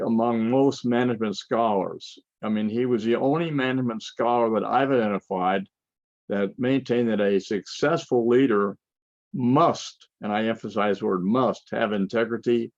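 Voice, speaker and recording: Older man lecturing, gravelly and halting. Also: fairly low pitch, darkish tone, no echo, muffled recording. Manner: halting, with frequent restarts and fillers. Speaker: conference speaker. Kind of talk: lecture with slides.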